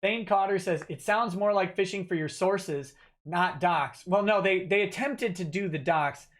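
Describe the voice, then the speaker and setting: A man's voice: high-pitched, unhurried, fairly bright tone. A man hosting a livestream, reading donor messages aloud and replying off the cuff with many fillers and restarts. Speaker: livestream host reading donations. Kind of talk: casual livestream chat.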